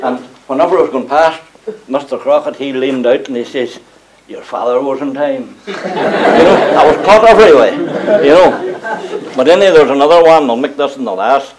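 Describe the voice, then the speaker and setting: A man's voice: mid-range voice, moderate pace, darkish tone, slight background noise, poor audio. An older man with a Northern Irish accent tells humorous yarns about his days at the mill to a live audience, chuckling as he goes. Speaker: local speaker recalling mill days. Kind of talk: anecdotal storytelling to an audience. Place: community gathering before a live audience.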